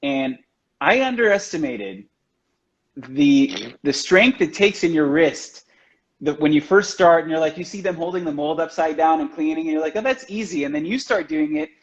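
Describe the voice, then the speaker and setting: Guest chocolatier, male, slightly high voice, rambling and friendly storytelling, muffled stream sound. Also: animated, moderate pace. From United States. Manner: chatty, loose, heavy on "like" and "you know". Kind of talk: casual storytelling chat. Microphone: video call from home. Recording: dull lo-fi livestream audio.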